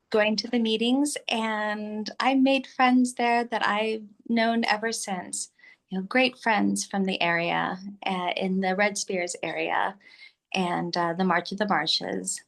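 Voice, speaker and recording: A woman in her fifties, a guest telling her story in an unhurried, friendly way. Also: medium pitch, fairly even intonation, gravelly. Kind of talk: casual interview storytelling.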